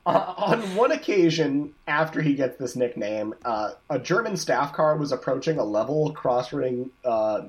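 A man's voice: medium pitch, measured pace, few pauses. A man casually telling a history story to his co-hosts, joking and swearing as he goes. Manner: profane, joking, animated storyteller.

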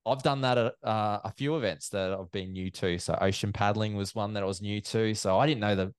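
Here a man with a lowish, smooth voice talks fairly quickly, telling chatty stories in a casual interview and acting out quoted exchanges. He's an event MC and commentator, captured with no room sound and clean studio audio.

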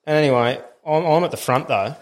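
A man's voice: on the high side, a little fast. An Australian man spinning a laid-back, blokey yarn on a podcast, swearing freely as he talks. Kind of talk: casual podcast storytelling.

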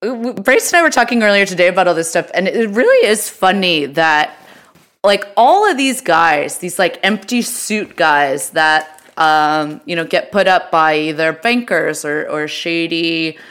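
A woman co-hosting a podcast, chatting casually about politics with quick, hedging asides. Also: on the low side, lively intonation, a bit bright, clean tone. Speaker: podcast co-host.

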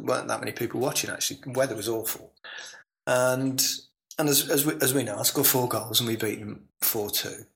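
A man's voice: mid-range voice, vocal fry, fairly bright tone, poor audio. A man in his sixties with an English accent, a former footballer as podcast guest, telling chatty stories and laughing along. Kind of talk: relaxed anecdotal storytelling.

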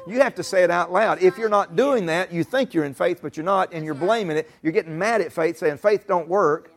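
A man's voice: high voice, a little fast. A middle-aged man preaching a sermon in a folksy, emphatic way. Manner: folksy, emphatic, rising to shouts and laughter. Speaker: pastor.

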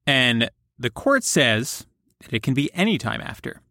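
A man co-hosting a podcast, explaining a court ruling in steady casual talk. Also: medium pitch, a little slow, dry recording, clean studio sound. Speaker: podcast co-host.

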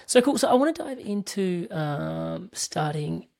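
An Australian woman hosting an interview, chatty and filling pauses with soft murmurs. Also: fairly low pitch, expressive, gravelly. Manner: chatty, with frequent filler murmurs. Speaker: podcast host.

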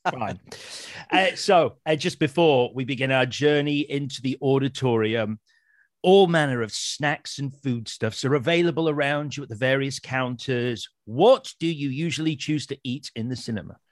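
A man hosting a casual film chat, chatty and quick to laugh. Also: mid-range voice, dry recording, studio quality. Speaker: podcast host, film journalist.

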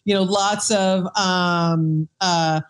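A woman's voice: lowish voice, fairly even intonation, very slow. Chatty woman telling bartending stories. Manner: chatty storyteller, many fillers and restarts. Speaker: guest, former bartender. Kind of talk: casual podcast chat.

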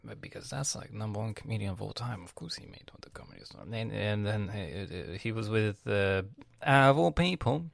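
A man's voice: fairly low pitch, lively intonation, moderate pace, gravelly, no echo. A 20-year-old man talks in a rambling, profane vlog style. He uses lots of slang and restarts, and his breath is audible on a close mic. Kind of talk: casual rambling vlog chat.

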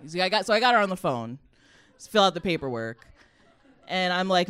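Smooth-voiced woman comedian telling a story. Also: fairly low pitch, normal speed. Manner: animated, chatty, often laughing, frequent "like" fillers.

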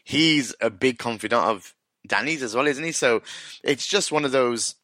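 A man's voice: medium pitch, normal speed, sharp tone, no echo. A man hosting a podcast, chatting animatedly, laughing and swearing freely. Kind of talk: casual chat.

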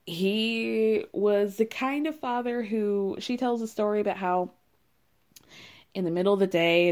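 A woman's voice: on the low side, a little mellow. A young woman in casual recap commentary, wry and amused, often breaking into laughter as she talks. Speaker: reality show recapper.

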